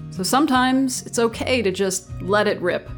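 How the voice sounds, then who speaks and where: A woman hosting a casual conversation, reflective and quick to laugh. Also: mid-range voice, soft background music.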